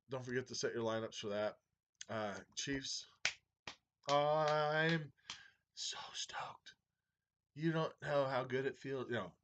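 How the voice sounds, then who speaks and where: Excited fantasy football commissioner, rambling. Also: male voice, medium pitch, highs cut off. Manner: excited, rambling sports fan banter. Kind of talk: casual video update to league members.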